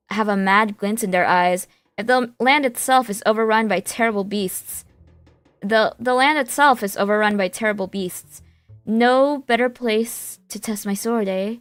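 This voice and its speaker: A woman's voice: a little high, normal speed, fairly bright tone, no room sound, soft background music, close to an everyday voice. A woman voicing a brash sword-carrying adventurer in a game, swaggering and ending lines with questions.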